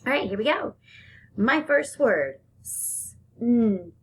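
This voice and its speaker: A woman teaching young children a phonics lesson, talking in a sing-song, drawn-out teacher manner and giving lots of praise. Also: high voice, big pitch swings, slight background noise.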